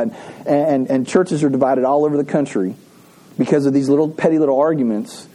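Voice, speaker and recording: A man with a fairly high, warm voice speaks quickly on a rough recording. He's a pastor giving a conversational sermon at a church service, repeating key phrases and inviting the congregation to read scripture aloud with him.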